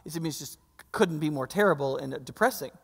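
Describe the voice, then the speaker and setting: A man's voice: fairly high pitch, quick pace, gravelly, slightly rough. A man preaching a sermon as pastor, in a conversational style with frequent restarts and rhetorical questions. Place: church sanctuary. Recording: long church hall reverb.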